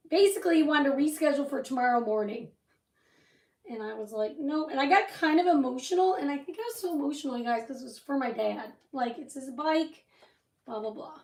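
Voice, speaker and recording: A chatty woman with a high voice rambles through a story while she crafts on a livestream. She sits a little back from the mic, and the room gives her voice a roomy echo. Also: recorded from a distance. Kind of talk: casual chat while crafting.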